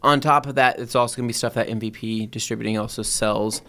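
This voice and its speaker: A man's voice: mid-range voice, fairly even intonation, fast, bright, forceful tone. A man co-hosting a casual podcast, telling a long rambling story with many restarts. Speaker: podcast co-host. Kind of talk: casual chat.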